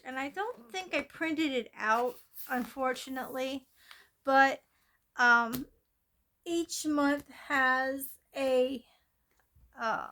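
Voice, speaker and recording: A woman's voice: sits high, a bit bright. A woman hosting a coloring channel, chatting casually and meandering with fillers and restarts, filmed on a phone from above at her craft table. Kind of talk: casual show-and-tell of coloring plans. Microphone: phone filming from above.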